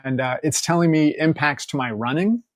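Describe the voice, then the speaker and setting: A man, a podcast guest, telling a story in casual conversation, candid and joking, quoting people in lively asides and swearing freely. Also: a little high, a little fast, no echo, clean studio sound.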